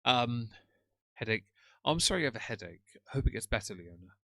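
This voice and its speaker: A middle-aged man with a bright, forceful voice chats on a live stream and answers his viewers with dry, sardonic teasing. He sits close to a desk microphone, and the sound is dry and unroomy. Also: mid-range voice, big pitch swings, fairly quick, vocal fry, dry recording. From England. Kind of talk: casual stream chat, reading comments.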